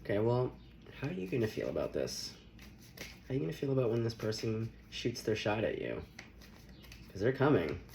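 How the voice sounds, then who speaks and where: A man's voice: mid-range voice, big pitch swings, fairly quick, vocal fry, long pauses, a little mellow, slight background noise. A young man giving a casual, playful tarot reading, often laughing as he talks. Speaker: tarot reader.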